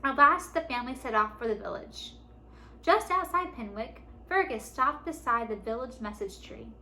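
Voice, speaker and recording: A woman reading a children's chapter book aloud for a library book club. Her reading is lively and expressive. Her voice is bright and somewhat high. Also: moderate pace, slight background noise. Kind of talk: storybook read-aloud.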